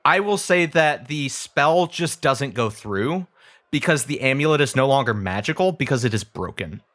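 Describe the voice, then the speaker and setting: A man's voice: medium pitch, animated, normal speed, a bit bright. A man running a tabletop game as dungeon master, narrating loosely with fillers and laughs.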